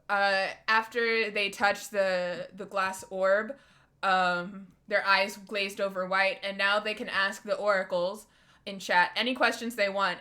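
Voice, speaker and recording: A woman's voice: medium pitch, pushed and bright. A woman running a tabletop game as dungeon master, narrating scenes in a rambling way full of likes and ums.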